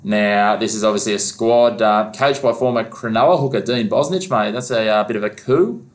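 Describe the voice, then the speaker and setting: An Australian man with a lowish voice hosts a local sports show at a moderate pace. He's laid-back and casual, often calling his co-host "mate."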